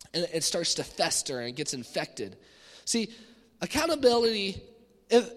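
A man in his thirties giving an animated sermon, acting out the voices of the people he quotes. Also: high-pitched. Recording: echoey hall.

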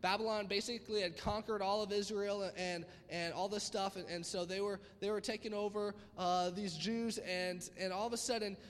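A man preaching a casual youth sermon in a rambling, energetic way with lots of asides. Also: high-pitched, moderate pace, few pauses, long reverb tail.

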